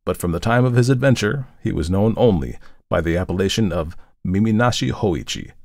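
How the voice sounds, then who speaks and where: Male narrator for a ghost tale, very low and deliberate, dry close sound. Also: lively intonation, gravelly, no echo. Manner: slow, hushed and deliberate.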